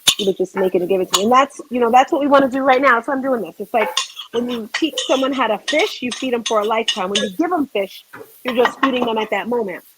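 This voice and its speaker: A woman's voice: on the high side, fast, very noisy. A woman hosting a home cooking show, chatting casually and rambling to viewers while she cooks.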